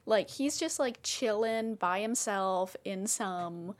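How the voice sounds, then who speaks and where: A woman guest on a podcast, riffing through ideas in a casual chat. She talks slowly and rambles, stacking up filler words as she thinks out loud. Her pitch sits in the middle range.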